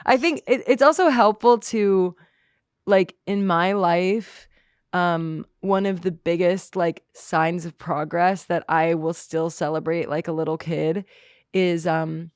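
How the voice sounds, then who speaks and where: Slow, reflective woman guest, smooth voice. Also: on the low side, dry recording, clean studio sound. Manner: reflective, halting, heavy use of "like". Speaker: podcast guest, musician. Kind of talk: candid conversational interview.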